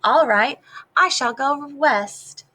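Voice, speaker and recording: A woman voicing a big, bossy female capybara bully who shouts her lines. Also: high-pitched, takes it slowly, pitched above the performer's own voice, heavily acted. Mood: smug.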